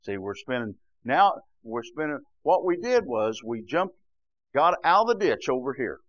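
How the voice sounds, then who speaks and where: An older man preaching a fervent sermon that swings from low, quiet passages to loud, shouting peaks, often saying "bless God". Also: big pitch swings, normal speed, no echo, highs cut off.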